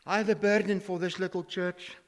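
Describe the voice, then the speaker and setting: A man's voice: sits high, little pitch movement, a little fast, in a large hall. An older man preaching a sermon in a church, emphatic and full of rhetorical questions as he quotes scripture. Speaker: pastor.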